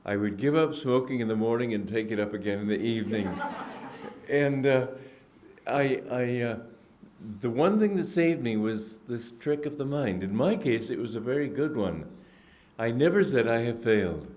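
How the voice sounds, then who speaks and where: A man giving a spiritual discourse, telling stories in an unhurried, reflective way with frequent restarts and throat-clearing. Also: medium pitch, lively intonation, a little mellow. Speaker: spiritual teacher. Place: indoor gathering hall.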